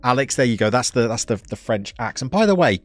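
A man live-streaming a football management game, chatting to viewers and reacting loudly to the play. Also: mid-range voice, sing-song, quick pace, soft background music.

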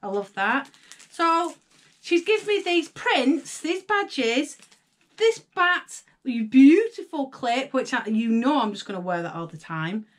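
Brief: young Northern English woman vlogger, gushing and excitable, a touch higher in pitch. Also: a little slow. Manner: gushing, excitable, gasps and chatters to viewers. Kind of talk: casual unboxing chat.

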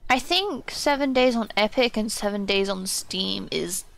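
A young woman streaming a game live, chatting casually and excitedly as she thinks aloud about what she is doing. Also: medium pitch, measured pace, vocal fry. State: yawning, a bit sleepy.

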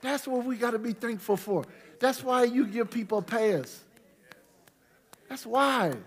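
A middle-aged male pastor preaching, swinging from quiet storytelling to loud, shouted praise. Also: extremely high pitch, unhurried, breathy edge. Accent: St. Louis Black American Southern-tinged. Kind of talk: preaching a Bible study sermon. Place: church sanctuary with congregation.

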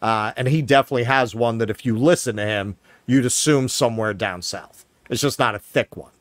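A man's voice: mid-range voice, brisk, no room sound. A man with a New York accent co-hosting a political commentary show, sarcastic and profane, reading news aloud with mocking asides. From Queens, New York. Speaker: podcast co-host.

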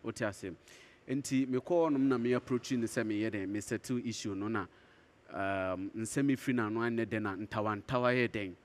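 A man's voice: on the low side, normal speed. A man with a Ghanaian accent, a musician giving interview answers and earnestly explaining himself.

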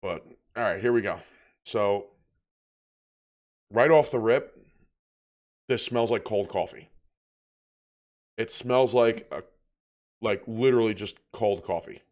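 Relaxed man rambling about beer. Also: fairly low pitch, slow pace, long pauses. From New Jersey. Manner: relaxed, rambling descriptions with filler words. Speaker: podcast co-host. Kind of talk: casual beer review chat.

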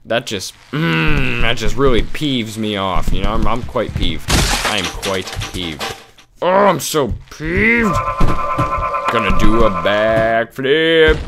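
A man commenting on his gameplay in a jokey, excitable way, breaking into silly singing and high yelps. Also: takes it slowly, creaky. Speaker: gaming commentator. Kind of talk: let's play commentary. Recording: loud game music behind. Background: game music.

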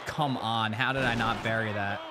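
A young man giving loud, excited commentary while playing a hockey video game, trash-talking and cheering. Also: on the low side, normal speed, crowd noise, noisy background. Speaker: gaming channel host.

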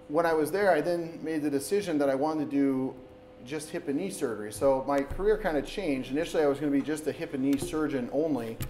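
A man's voice: mid-range voice, a little mellow, poor audio. A man in his thirties from Wisconsin talks an audience through knee surgery in a loose, conversational lecture, often restarting his sentences. His voice sits in a middle register. Faint background noise fills the meeting room. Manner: conversational, with frequent restarts and "so basically". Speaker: orthopedic surgeon giving a public talk. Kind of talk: informal public lecture. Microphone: camera recording in the room.

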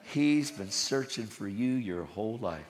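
A man preaching a sermon in a church, swinging from loud, urgent bursts to hushed, low passages. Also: expressive, a little slow. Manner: intense, swings from shouting to hushed. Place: church sanctuary. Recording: roomy hall with long reverb.

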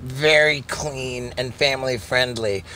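A man co-hosting a podcast, speaking in a slow, searching way during casual chat. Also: mid-range voice, steady tone, pushed and bright, slight background noise. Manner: slow and searching, with many restarts. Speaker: podcast co-host.

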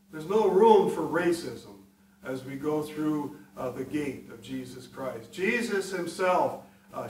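A man in his sixties, a pastor preaching a sermon in an unhurried, conversational way with personal stories. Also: on the high side. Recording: roomy echo from a distance, faint hiss.

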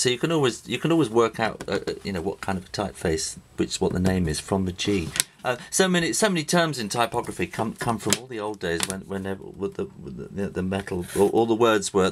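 A middle-aged man with an English accent explaining drawing in a casual, rambling way, with many fillers and restarts while he draws. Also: low voice. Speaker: drawing teacher. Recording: faint noise with pen and writing sounds.

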